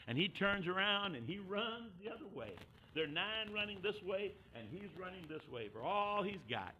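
A high, bright-toned man tells a sermon story with a very lively, swinging pitch. He acts out the characters and moves from loud hollering to near-hushed asides. A faint hiss sits under his voice. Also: brisk, rough recording. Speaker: preacher.

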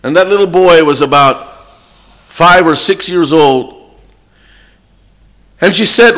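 High-voiced man preaching in a reverberant hall. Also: unhurried, pauses often, pushed and bright. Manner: earnest and pleading, with many restarts and repeated phrases. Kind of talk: sermon. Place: church meeting hall before an evening congregation.

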